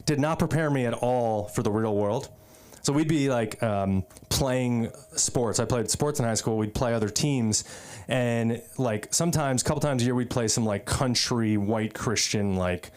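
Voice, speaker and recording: This open-mic comic hails from the American East Coast and speaks at a measured pace in a mid-range, somewhat mellow voice. Standing on a comedy club stage, he wanders through his set with plenty of asides and filler words.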